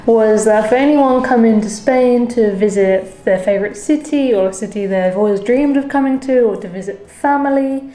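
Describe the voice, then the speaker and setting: Chatty woman explaining phrases in english, mellow kinda high voice, echoey room. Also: normal speed. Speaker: co-host. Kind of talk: casual language lesson.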